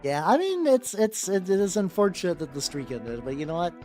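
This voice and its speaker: A streamer talking casually over a live game stream, voice bouncing up and down with lots of life. The talk is loose and rambling, broken up by quick hellos to viewers by name. Soft background music plays faintly underneath. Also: mid-range voice, very animated. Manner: chatty, greets viewers by name between rambling anecdotes.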